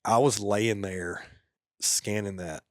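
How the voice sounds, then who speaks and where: A man with a fairly low voice recounts his time in combat as a podcast guest. He talks casually and laid-back, sinking into a hushed murmur at the grim moments. The recording is dry and close. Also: fairly even intonation, takes it slowly, no echo. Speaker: podcast guest, former soldier. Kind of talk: casual war storytelling.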